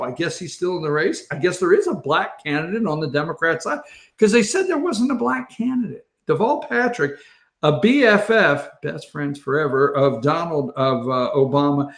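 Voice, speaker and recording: Sarcastic guy ranting on his show, high lively voice, echoey room. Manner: sarcastic, rambling, with quick asides. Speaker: host. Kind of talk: political commentary monologue.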